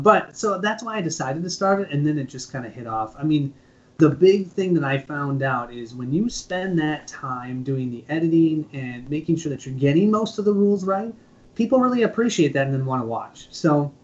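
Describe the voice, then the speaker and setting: A man's voice: a little high, lively intonation, normal speed. A man with a Minnesotan accent, a board game channel host chatting casually on a live stream and laughing often. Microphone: phone earlier, now mic. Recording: dull lo-fi stream audio.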